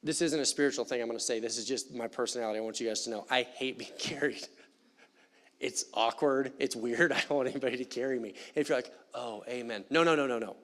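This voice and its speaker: A man preaching a sermon in a church, animated and conversational with playful asides. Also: medium pitch, fast talker. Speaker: pastor. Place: church sanctuary.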